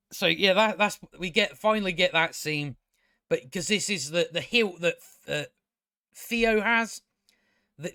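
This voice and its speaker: A man's voice: on the high side, pushed and bright, dry recording, clean studio sound. A man giving a casual, ranting review of a show, blunt, sarcastic and profane, often restarting his sentences.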